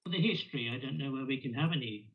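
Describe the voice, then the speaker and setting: A man's voice: medium pitch, lively intonation, rapid-fire. English guy on a call, muffled dull audio, stubborn, keeps disagreeing. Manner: stubborn, argumentative. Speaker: caller. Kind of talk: casual live-stream debate.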